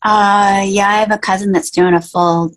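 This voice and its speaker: A woman receiving a reading, answering in a soft, hesitant way. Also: mid-range voice, fairly even intonation, moderate pace. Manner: hesitant, soft-spoken replies.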